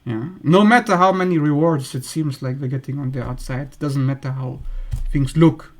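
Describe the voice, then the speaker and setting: A man's voice: mid-range voice, moderate pace. A man hosting an astrology channel, talking bluntly in a casual monologue and acting out the people he describes in a raised voice.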